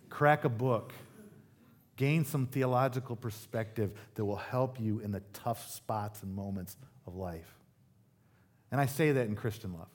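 A man's voice: medium pitch, measured pace. A man preaching a sermon to a church congregation, conversational and joking, with sudden emphatic rises. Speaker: pastor. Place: church service.

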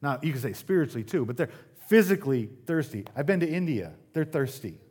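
A man's voice: fairly high pitch, very animated, fairly quick, darkish tone, slightly rough. A man preaching a sermon to a church congregation, conversational and joking, with sudden emphatic rises. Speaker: pastor. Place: church service.

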